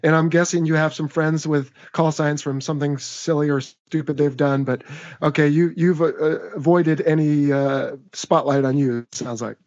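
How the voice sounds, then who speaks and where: An upbeat American man hosts a casual podcast. His voice sits a bit high for a man, and his talk is chatty and relaxed. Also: normal speed, lo-fi sound. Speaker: podcast host.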